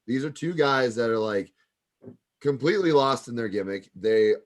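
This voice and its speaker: A man's voice: medium pitch, expressive, moderate pace. A man coaching wrestling students, giving rambling casual feedback full of fillers. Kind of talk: casual critique.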